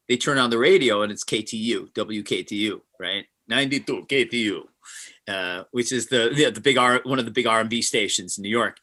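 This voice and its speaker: Brief: guest musician, bright forceful voice, lively anecdotes, plays out every quote. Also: male voice, on the low side, brisk. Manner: animated, acts out quotes. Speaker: session guitarist, guest. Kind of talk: interview storytelling.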